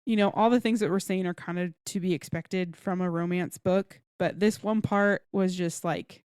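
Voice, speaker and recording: A woman co-hosts a book podcast, casually recounting a romance plot, acting out quotes with gusto and swearing now and then. Her voice is fairly low, clear and resonant, at a moderate pace, recorded in a clean studio with no room sound.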